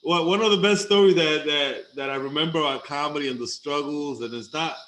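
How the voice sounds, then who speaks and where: A man talks in a casual chat, bright and forceful in tone, emotional and laughing easily. His voice rings in an echoey room with faint ambience behind him. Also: a little high, brisk. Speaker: host.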